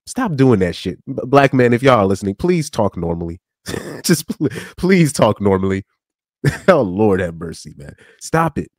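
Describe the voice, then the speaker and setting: A man giving casual reaction commentary on a live stream clip, animated, with stammering restarts and frequent laughs. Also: on the low side, moderate pace, no room sound, studio quality.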